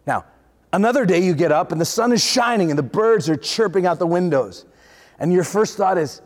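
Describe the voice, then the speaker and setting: A man's voice: high voice, animated, brisk. A man preaching a sermon to a congregation, with conversational storytelling that builds to fervent emphasis. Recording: long hall reverb.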